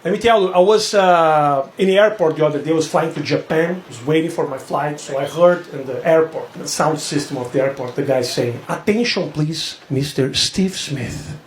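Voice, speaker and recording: A man from Brazil with a Brazilian accent, performing a stand-up comedy set with deadpan storytelling and punchy put-on voices. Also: fairly high pitch, brisk, hardly any pauses, a little hiss or hum. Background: loud audience laughter.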